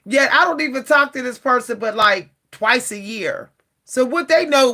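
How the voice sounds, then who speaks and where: Bright, animated woman venting to camera. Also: sits high, moderate pace. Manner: animated, exasperated, often repeats herself and addresses viewers directly. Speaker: vlogger. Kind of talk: casual talk to camera.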